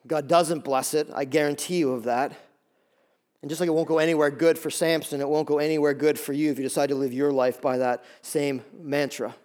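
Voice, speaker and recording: A male pastor preaching a sermon, retelling a story in a lively, joking way and acting out the characters' lines. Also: on the high side, brisk. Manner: lively storytelling, acts out voices.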